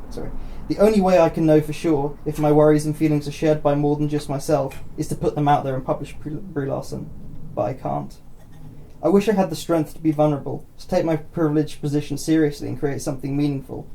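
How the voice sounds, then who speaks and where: Podcast host, male, reads short writing, raised pitch, gravelly, mellow tone. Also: steady tone, fairly quick, slight background noise. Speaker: podcast host reading stories. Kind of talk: reading short pieces aloud on a podcast.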